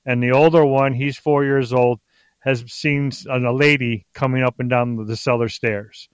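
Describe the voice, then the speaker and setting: A man's voice: medium pitch, moderate pace, smooth, no echo. Rambling middle-aged man telling a story. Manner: rambling, restarts sentences, excitable. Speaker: guest. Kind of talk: casual storytelling on a podcast.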